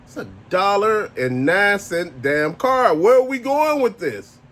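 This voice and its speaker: A man's voice: high voice, lively intonation, unhurried, a bit bright. A married man ranting casually to camera as a toy collector vlogger, blunt, profane and exasperated. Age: adult, married.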